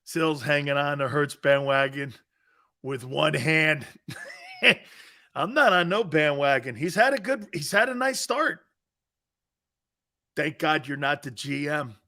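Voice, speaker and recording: A middle-aged man hosting a sports talk show, brash and sarcastic, swearing and breaking into shouted outbursts. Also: a little high, expressive, takes it slowly, long pauses. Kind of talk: opinionated sports radio talk.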